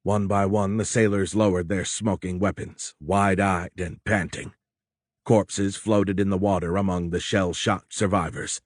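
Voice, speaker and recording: A male narrator reads a war novel in a measured, steady storytelling manner. His voice sits fairly low, and the studio recording is close and completely dry. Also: no room sound. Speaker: audiobook narrator. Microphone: close studio mic.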